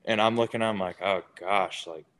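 A man's voice: fairly low pitch, brisk. A young man, a baseball player, casually telling stories in an interview and acting out what others said. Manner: animated, acts out quotes of others.

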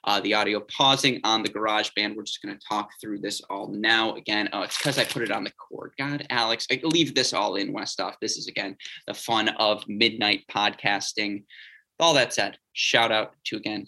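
Animated male podcast host, dry sound. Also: fairly low pitch, creaky, breathy edge, dry recording. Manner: animated storytelling, laughs often. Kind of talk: casual late-night podcast chat. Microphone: remote call.

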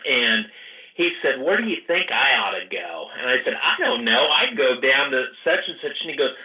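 Man, storyteller, crisp bright tone, animated quoted dialogue. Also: medium pitch, moderate pace, rough recording. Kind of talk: casual storytelling.

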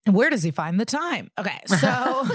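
A woman's voice: medium pitch, normal speed, breathy edge, no room sound, studio quality. A woman co-hosting a podcast, casually and profanely recapping a TV episode. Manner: chatty, profane, animated retelling. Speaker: podcast co-host.

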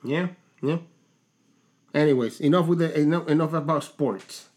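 A man co-hosting a podcast in casual chat, telling stories in a halting way with many restarts. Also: a little high, a little mellow. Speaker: podcast co-host.

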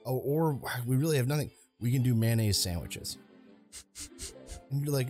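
A man's voice: mid-range voice, normal speed, faint music behind. A man in his thirties co-hosting a casual podcast, telling stories animatedly and acting out voices. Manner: animated storyteller, acts out voices in anecdotes. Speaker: podcast co-host.

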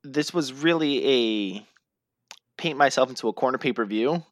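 A man's voice: mid-range voice, moderate pace, no room sound, clean studio sound. A man co-hosting a casual wrestling recap podcast, playful and rambling, sounding tired and yawning. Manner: playful, jokey, rambling with fillers. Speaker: podcast co-host.

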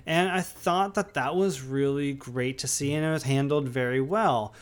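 A man's voice: medium pitch, moderate pace. A man co-hosting a podcast, chatting casually through a movie review with many fillers and restarts. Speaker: podcast co-host.

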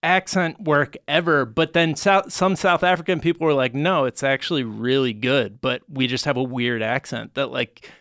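A man with a smooth, resonant voice hosts a relaxed comedy podcast. He explains things at length, with plenty of "uh" pauses. His voice sounds dry and close on a studio mic. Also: medium pitch, no echo. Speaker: podcast host. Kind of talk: casual comedic chat.

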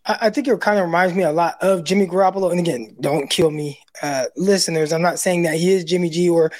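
A man's voice: a little high, quick pace, darkish tone. A man on a sports podcast, easygoing and joking, with a slight stammer. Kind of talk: casual sports chat.

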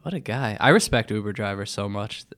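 A man on a podcast as a guest, chatting easily and making quick jokes. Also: fairly low pitch, lively intonation, a bit bright. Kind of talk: casual chat.

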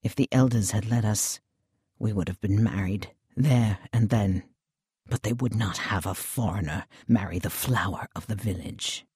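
A man's voice: takes it slowly, pauses often, a little mellow, dry recording, clean studio sound. A man voicing a bitter, troubled English officer. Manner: low, bitter, subdued delivery.

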